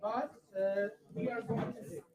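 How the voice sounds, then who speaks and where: Host saying what's next, lots of uhs, far off in an echoey loud room. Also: mid-range voice, fairly even intonation, takes it slowly, heavy background noise. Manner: hesitant, lots of fillers. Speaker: event host. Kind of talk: announcing the next segment.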